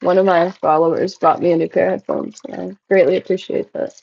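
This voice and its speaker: A young woman livestreaming, telling stories in casual chat and jumping into high-pitched voices when she quotes people. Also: flat delivery, fast talker, gravelly, darkish tone, breathy edge, no room sound, dull audio. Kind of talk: casual live-stream chat. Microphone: phone.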